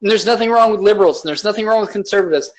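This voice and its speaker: A man co-hosting a podcast talks in loose, rambling chat. He swears freely and laughs often. His voice sits a little on the high side. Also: rapid-fire, low-quality recording. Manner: rambling, profane, laughs a lot. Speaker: podcast co-host. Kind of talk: casual chat.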